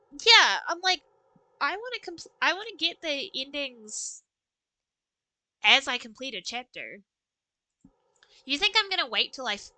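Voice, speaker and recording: A woman streaming a game live, chatting with her viewers in an animated way. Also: high-pitched, dry recording.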